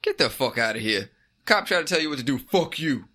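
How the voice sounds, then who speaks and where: A man with a bright, forward voice, trading casual podcast banter. He is blunt and slangy, cursing freely as he makes his points. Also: medium pitch, lively intonation, brisk. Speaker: podcast co-host. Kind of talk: casual chat.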